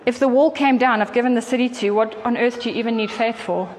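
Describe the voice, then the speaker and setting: A woman preaches with earnest, chatty warmth and a fairly high voice. Her talk is full of quick asides. The sound carries a faint hall reverb with light background noise. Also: fairly even intonation. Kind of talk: sermon.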